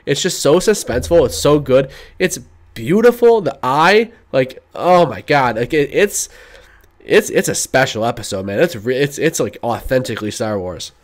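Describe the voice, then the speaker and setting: A man co-hosting a podcast in casual chat, excitable and gushing, with lots of "like". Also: mid-range voice, moderate pace. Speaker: podcast co-host.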